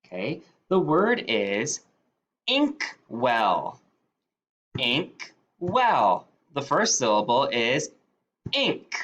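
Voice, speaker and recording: A male teacher leading a phonics spelling dictation, saying each word deliberately and sounding it out in parts. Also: medium pitch, a bit bright.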